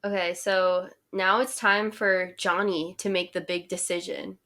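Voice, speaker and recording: A woman's voice: lowish voice, fairly even intonation, unhurried, a bit bright. A young woman co-hosting a podcast, chatting casually and wryly, laughing at her own jokes. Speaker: podcast co-host. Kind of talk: casual chat recapping a reality show.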